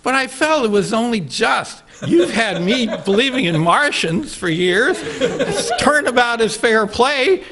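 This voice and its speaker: Gravelly, bright-voiced man telling a story. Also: high voice. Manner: animated, chuckling, self-interrupting. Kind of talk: live storytelling to an audience. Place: TV studio stage with live audience.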